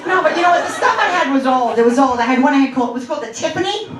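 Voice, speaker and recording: A woman's voice: sits high, animated, rapid-fire, some chatter behind. A woman in her fifties from Long Island doing a stand-up comedy set, brash and profane, telling stories in a conversational way. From Long Island, New York. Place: comedy club stage. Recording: echoey club from a distant mic.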